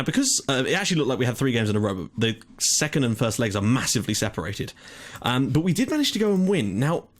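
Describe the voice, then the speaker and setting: A young man hosting his gaming channel, chatting casually through a management game, rambling and correcting himself, a little out of breath. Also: medium pitch. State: slightly out of breath. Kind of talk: casual gameplay commentary.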